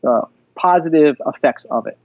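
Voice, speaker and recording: A man telling stories as a podcast guest, casual and animated, with lots of fillers. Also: on the high side, normal speed, creaky, no echo, muffled recording. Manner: animated storyteller, many fillers. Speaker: guest, jiu-jitsu black belt instructor.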